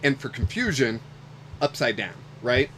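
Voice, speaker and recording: Guy in his 30s rambling slowly while opening card packs, faint hum behind. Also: mid-range voice, big pitch swings, a bit bright. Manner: chatty, rambling with fillers, gets emotional then recovers. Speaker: card game streamer.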